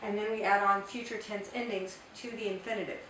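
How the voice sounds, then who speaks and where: A woman's voice: mid-range voice, fairly even intonation, a little fast, fairly bright tone. A woman teaching a Spanish grammar lesson in English, patiently spelling out examples. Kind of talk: explanatory language lesson. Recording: roomy, distant mic, faint hiss.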